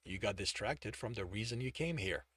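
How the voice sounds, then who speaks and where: A calm, patient mentor, as a man reads him speaks softly and steadily, dropping below the narrating voice. The sound is close and dry. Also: lowish voice, normal speed, dry recording, pitched below the performer's own voice.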